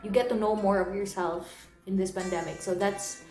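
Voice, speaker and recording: A young woman vlogger tells a personal story earnestly and emotionally in a confessional vlog, often repeating and restarting phrases. Her mid-range voice is steady at a normal speed, with a roomy echo and soft guitar music underneath.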